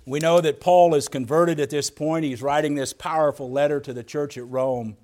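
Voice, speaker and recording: A man's voice: on the high side, fairly even intonation, normal speed, darkish tone. A man preaching as a pastor, earnest, often repeating words and restarting as he goes. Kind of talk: sermon.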